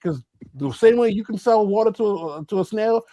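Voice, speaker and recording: Male co-host, high-pitched, fired-up and emphatic, dry close sound. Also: expressive, normal speed, mellow, dry recording. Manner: passionate, ranty, emphatic. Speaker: podcast co-host. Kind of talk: casual chat.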